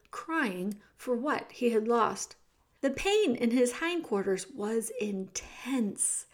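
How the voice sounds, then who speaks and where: Woman narrator for a children's storybook, high and unhurried, expressive. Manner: expressive, leans into the action and speaks to the reader. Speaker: audiobook narrator.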